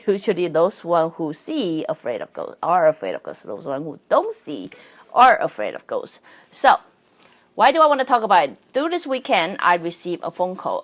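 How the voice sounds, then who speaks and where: A woman, a non-native English speaker, hosting a casual solo podcast as a psychic and spirit coach. She talks in a chatty way, laughs often and keeps asking "right?". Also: deep voice. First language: not English.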